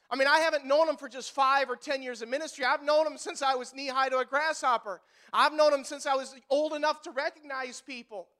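A male pastor preaching a sermon in a church, swinging from loud emphatic lines to hushed ones and repeating words when worked up. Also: very high-pitched, clear, resonant tone.

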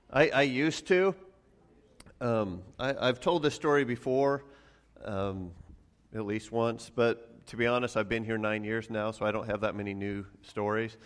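A man's voice: mid-range voice, a bit bright, clean tone. A man preaching a sermon as pastor, telling stories casually and often repeating words as he goes. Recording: long hall reverb.

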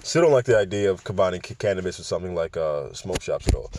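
A man's voice: deep voice, animated, fast talker, a little mellow, a little hiss or hum. A man hosting a casual podcast, talking straight to his listeners in a loose, profane, rambling way, often tripping over words and restarting. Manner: addresses listeners directly with questions. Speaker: podcast host. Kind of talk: casual cannabis business podcast.

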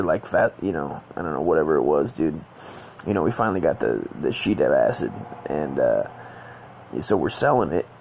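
Gravelly, profane young man telling a story. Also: medium pitch, darkish tone, a little hiss or hum. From Southern California. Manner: profane, rambling, slangy storytelling with many fillers. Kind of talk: casual storytelling.

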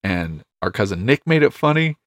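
A man with a fairly low voice, chatting casually on a podcast and rambling through anecdotes with frequent chuckles. The sound is dry and close, with no room echo. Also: sing-song, normal speed. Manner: rambling storyteller, chuckles often. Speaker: podcast co-host. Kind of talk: casual chat.

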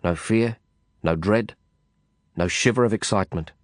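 A man reading a first-person audiobook narration in a measured, reflective way. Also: fairly low pitch, no room sound, clean studio sound.

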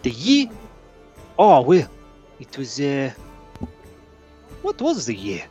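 A man's voice: medium pitch, huge pitch swings, takes it slowly, warm tone, faint music behind. A man voicing a rambling male tavern keeper with a put-on South African accent, vague and stammering. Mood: flustered.

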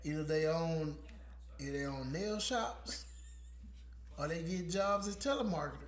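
A man's voice: fairly high pitch, expressive, moderate pace, echoey room. A man hosting a podcast in casual chat, ranting with lots of profanity and laughter. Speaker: podcast host.

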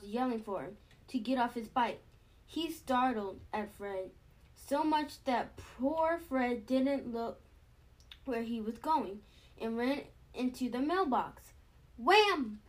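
A woman reads a children's picture book aloud at a steady pace. Her voice sits fairly high, and she stumbles and restarts a word now and then. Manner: steady reading with small slips and restarts. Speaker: storybook reader.

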